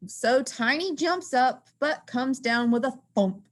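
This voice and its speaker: A woman teacher reading a rhyming picture book aloud in an expressive, sing-song way. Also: high-pitched, takes it slowly.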